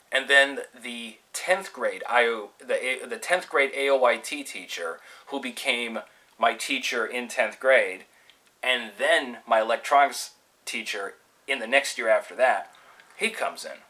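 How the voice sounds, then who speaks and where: A man from California telling a personal story casually, animated and swearing freely as he acts out the people in it. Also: medium pitch, low-quality recording. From California, USA.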